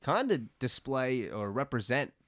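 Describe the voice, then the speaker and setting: A man's voice: medium pitch, sing-song, a little slow, a bit bright, dry recording, studio quality. A man in casual chat, animatedly recapping scenes in a loose, joking way.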